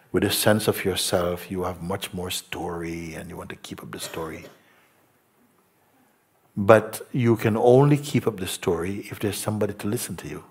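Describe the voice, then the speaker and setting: Man, spiritual teacher at a live satsang, deep-ish voice, teasing and chuckling, slips into mock voices. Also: darkish tone. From Jamaica. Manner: playful, laughing often, mimics other people's talk.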